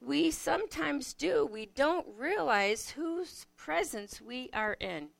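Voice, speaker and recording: A woman giving a reflective Bible teaching, unhurried and searching, often asking the listener questions. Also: on the high side, expressive, gravelly, a bit bright, no room sound.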